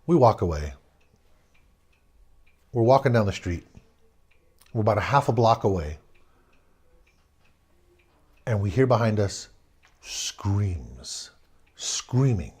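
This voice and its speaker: A man telling a spooky childhood story aloud, swinging between loud bursts and hushed tones. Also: fairly low pitch, big pitch swings, slow pace, pauses often, husky. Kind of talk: personal ghost story told aloud.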